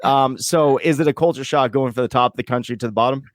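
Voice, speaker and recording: A man from Vermont with a Vermont accent, hosting a podcast interview over a video call in a loud, boisterous, joking way, swearing freely. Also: mid-range voice, fast, no room sound, clean studio sound. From Vermont, USA. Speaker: podcast host. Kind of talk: casual interview chat.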